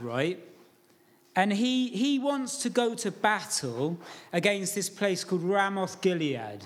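High-voiced preacher. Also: male voice. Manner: informal storytelling, asks the congregation questions. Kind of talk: sermon.

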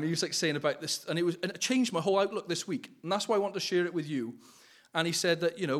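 A man giving an informal sermon with personal testimony, earnest and pleading, often laughing and correcting himself mid-sentence. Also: on the high side. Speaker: lay preacher.

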